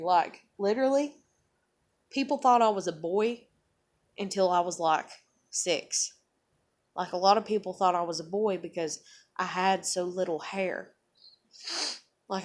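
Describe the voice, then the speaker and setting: Rambling, profane woman in her thirties. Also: on the low side. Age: 30s. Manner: rambling, profane, full of fillers. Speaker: vlogger. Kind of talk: casual rambling monologue.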